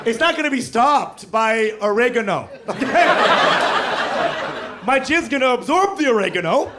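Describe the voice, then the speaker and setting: High, lively man doing stand-up. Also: normal speed, heavy background noise. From Bangladesh. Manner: animated, jokey delivery with frequent laughter. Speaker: stand-up comedian. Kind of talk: stand-up comedy set. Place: comedy club stage with an audience. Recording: live club recording, loud crowd laughter.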